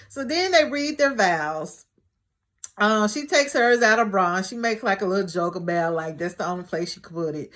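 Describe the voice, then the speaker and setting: A woman's voice: mid-range voice, normal speed. Woman vlogger recapping a tv episode, casual and chatty, jokes around a lot. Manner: chatty, animated, joking asides. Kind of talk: casual chat.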